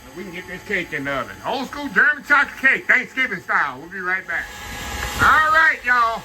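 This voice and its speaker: Older man, folksy home-kitchen cooking host, bright, slightly high voice. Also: sing-song, fast talker. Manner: chatty, folksy, addresses viewers as y'all. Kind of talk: casual cooking demonstration.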